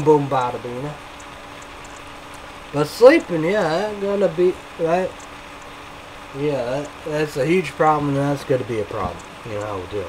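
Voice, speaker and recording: A young man vlogging a casual review, rambling, swearing and shouting hype catchphrases. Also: mid-range voice, noisy background.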